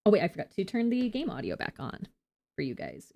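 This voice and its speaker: A woman's voice: a little high, huge pitch swings, fairly quick, soft background music. A young woman streaming a game, chatting casually and giggling as she rambles.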